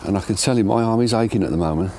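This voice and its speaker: Chatty older angler. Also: male voice, lowish voice, rapid-fire, dark tone, slight background noise. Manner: chatty, self-deprecating. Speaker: angler and show presenter. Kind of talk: casual fishing commentary. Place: outdoors by a lake.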